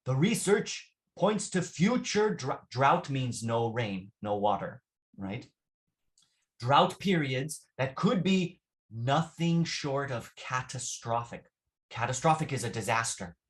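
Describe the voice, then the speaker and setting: Male English teacher, mid pitch, patient explainer, repeats himself, checks in with "right?". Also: big pitch swings, takes it slowly. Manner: patient, repeats phrases, asks "right?" often. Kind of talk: classroom vocabulary lesson.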